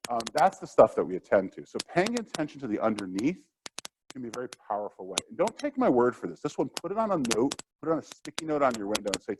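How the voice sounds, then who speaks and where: A man's voice: mid-range voice, fast talker, poor audio. Chatty guy teaching a workshop, voice bouncing up and down, hiss under it all. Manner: conversational, acts out quotes. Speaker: workshop presenter. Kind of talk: lecture. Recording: steady background noise.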